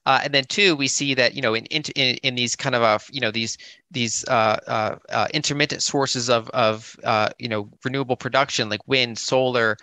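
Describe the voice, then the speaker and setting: A man's voice: mid-range voice, fairly even intonation, moderate pace, bright, forceful tone, no room sound. A man speaking on a conference panel, hesitant, with many fillers and restarts.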